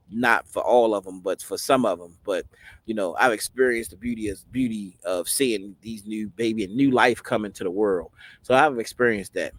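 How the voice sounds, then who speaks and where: Rambling man in his forties, low voice. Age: 40s. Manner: rambling, many "you know what I mean" fillers. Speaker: host. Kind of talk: personal storytelling monologue.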